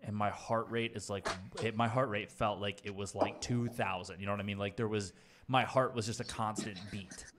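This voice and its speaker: A man's voice: fairly low pitch, steady tone, moderate pace, noisy background. A young man casually telling a long rambling story on a stream, swearing freely and laughing at himself.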